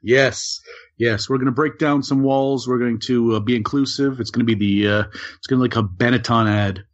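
A man co-hosting a casual show, talking haltingly with many "uh"s and self-mocking jokes. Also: mid-range voice, fairly even intonation. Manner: hesitant, restarts with lots of uh, self-mocking. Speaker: co-host. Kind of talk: casual banter. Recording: dull lo-fi recording.

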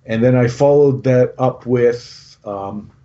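A man co-hosts a podcast, chatting casually and rambling about his game army, restarting often and using lots of fillers. His mid-range voice moves at a slow pace with a dark tone, and the highs are cut off.

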